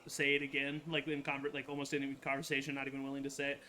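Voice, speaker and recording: A man narrating as game master of a tabletop game, halting and full of fillers and self-corrections. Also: mid-range voice, completely flat delivery, bright, forceful tone, a little hiss or hum.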